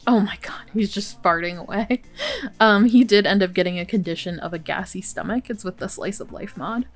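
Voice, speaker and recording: A woman chats her way through a life-sim game, reacting out loud with frequent exclamations and easy laughs. Her voice sits at an ordinary middle pitch for a woman. Soft game music plays faintly beneath her. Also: fairly quick. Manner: chatty, exclamatory, laughs often. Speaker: Let's Play host. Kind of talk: casual gameplay commentary.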